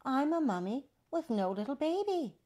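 A woman doing a bright young mother. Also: high voice, very animated, normal speed, voice pushed up. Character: warm young mother with a pram.

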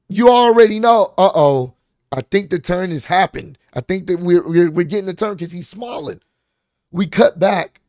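Brief: male show reviewer, gravelly, a bit high-pitched, excited rambling recap, dry close sound. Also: no echo. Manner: excited, rambling with fillers and restarts. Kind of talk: casual recap commentary.

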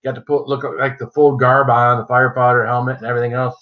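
A man's voice: mid-range voice, little pitch movement, quick pace, muffled recording. A man hosting a casual livestream, greeting viewers by name in a chatty, joking way. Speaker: livestream host. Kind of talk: casual live-chat greetings.

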